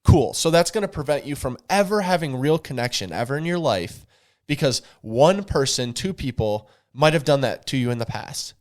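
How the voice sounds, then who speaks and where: A man speaking on a podcast in an earnest, preachy way. His voice sits at an average pitch for a man, and he often turns straight to his listeners with a "y'all.". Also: lively intonation, normal speed, darkish tone. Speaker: podcast co-host. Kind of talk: candid podcast conversation.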